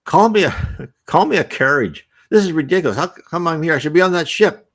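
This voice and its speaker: Imperious 1800s gentleman ghost, barking orders, put on by a man, raised pitch. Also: animated, fairly quick. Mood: indignant. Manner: imperious, indignant.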